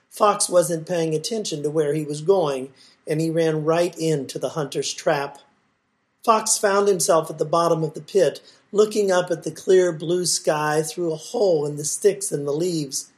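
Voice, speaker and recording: A woman reading a folk tale aloud in a measured, expressive way. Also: fairly low pitch, breathy edge. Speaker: storyteller.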